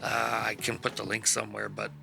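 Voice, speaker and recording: A man's voice: on the low side, little pitch movement, a little fast, vocal fry, sharp tone, soft background music. A man hosting a stream, chatting casually after a game session and praising his fellow players with rambling enthusiasm and casual swearing. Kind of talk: casual post-session chat.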